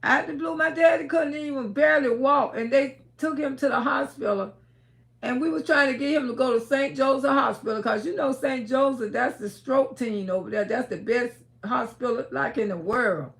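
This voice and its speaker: Livestream host, woman, high and gravelly, emphatic storyteller. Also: moderate pace. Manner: emphatic, swings between hushed and shouting.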